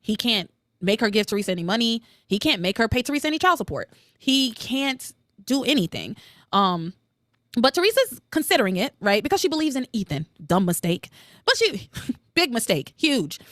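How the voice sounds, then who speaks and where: A woman recaps soap opera episodes on her solo podcast, opinionated and quick to swear. Her pitch swings all over the place as she gets worked up. The sound is dry and close. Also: no room sound. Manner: animated and opinionated, swears freely, quotes characters with jumps in pitch.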